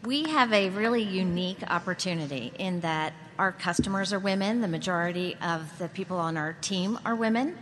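A woman's voice: lowish voice, moderate pace, few pauses, fairly bright tone. Earnest woman panelist, hall echo. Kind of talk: panel discussion. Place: conference hall. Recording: reverberant hall, faint noise.

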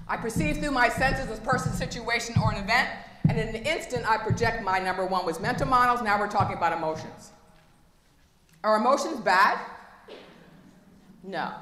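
A woman's voice: medium pitch, a bit bright. A woman giving a motivational talk at a conference, engaging the audience with frequent questions. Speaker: conference speaker. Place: conference room. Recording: echoey hall with long reverb, faint noise.

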